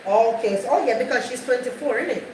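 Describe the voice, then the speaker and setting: A woman hosting a live stream, chatting with her viewers and circling back over her points. Her voice sits a bit high. It carries echo and steady background noise. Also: fast, distant mic. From Jamaica. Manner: chatty, repeats herself, greets viewers by name. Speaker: livestream host. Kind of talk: casual live chat with viewers. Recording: echoey, off-mic, noisy background.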